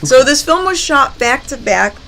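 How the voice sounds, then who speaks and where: A woman's voice: high voice, expressive, moderate pace, creaky, fairly bright tone, slight background noise, poor audio. A female horror movie host chatting and giggling while reading movie trivia. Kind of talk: live-stream chat with movie trivia.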